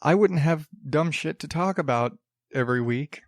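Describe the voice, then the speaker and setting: Through a studio podcast mic with clean sound and no echo, a man with a fairly high voice speaks at normal speed, hosting his own solo podcast. He rambles sarcastically, restarts sentences, and chuckles while mocking the news.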